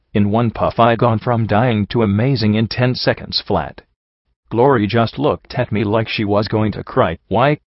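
A man narrating a first-person story as an audiobook reader, in a steady, understated manner with little change between characters. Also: fairly low pitch, no room sound, lo-fi sound. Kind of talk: first-person fan fiction reading.

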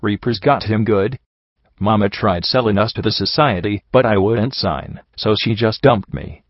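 A man's voice: fairly low pitch, moderate pace, no echo, close to an everyday voice. A man voicing a bitter, injured young female pony who talks in blunt, folksy backwoods grammar, in a dull, slightly muffled recording.

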